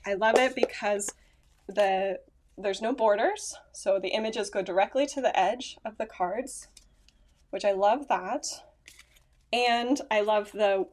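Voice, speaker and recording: Chatty woman vlogging on a phone. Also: mid-range voice. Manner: chatty, rambling, self-correcting with small laughs. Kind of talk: casual chat to camera. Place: at home, indoors. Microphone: phone camera.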